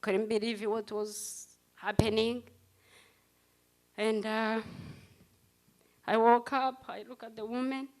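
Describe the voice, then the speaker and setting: Slow, high-voiced woman testifying. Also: level tone, darkish tone. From Rwanda. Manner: halting, speaks in short broken phrases. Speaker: survivor giving testimony at a commemoration. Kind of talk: personal testimony speech.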